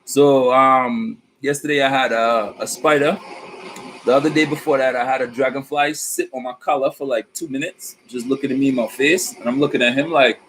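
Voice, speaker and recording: A man's voice: mid-range voice, normal speed, a little hiss or hum, poor audio. A man reading tarot on his vlog, talking casually about spirit guides with slang, swearing and a rambling manner. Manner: slangy, profane, rambling and animated. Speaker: tarot reader.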